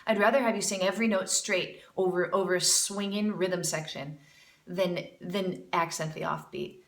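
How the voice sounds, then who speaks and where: A woman's voice: fairly low pitch, steady tone, normal speed. A woman teaching jazz singing, chatty and encouraging, breaking into scat syllables to demonstrate. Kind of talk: music lesson critique. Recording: roomy, a bit far from mic, with music.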